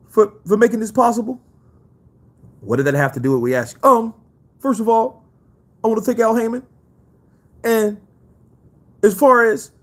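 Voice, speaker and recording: Man doing a flashy rich champ boxer, high voice, loud, boastful, repetitive. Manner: loud bragging, repeats himself, high-pitched.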